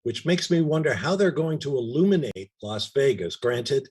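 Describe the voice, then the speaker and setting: A man's voice: mid-range voice, lively intonation, moderate pace, a little mellow, slightly rough. A male radio co-host in casual studio chat, telling wry anecdotes and often repeating "and, and.".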